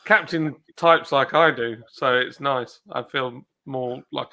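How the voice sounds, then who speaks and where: A man's voice: medium pitch, slow pace, creaky, bright, forceful tone. A man hosting a casual livestream, chatting and reading viewers' comments aloud in a rambling way. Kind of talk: casual chat.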